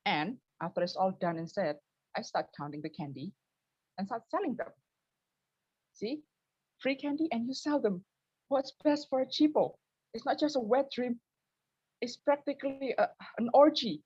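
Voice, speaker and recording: Husky woman doing self-mocking stand-up. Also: moderate pace, long pauses, dry recording, highs cut off. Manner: self-mocking, lively, switches to high voice for quoted people. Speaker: open mic comedian. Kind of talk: stand-up comedy over a video call. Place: home, early morning.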